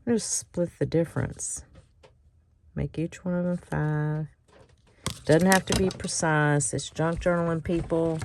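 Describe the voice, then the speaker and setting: A woman's voice: deep voice, fairly even intonation, unhurried, background noise. A middle-aged woman hosting a casual crafting tutorial, chatty and self-mocking and often laughing. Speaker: craft channel host.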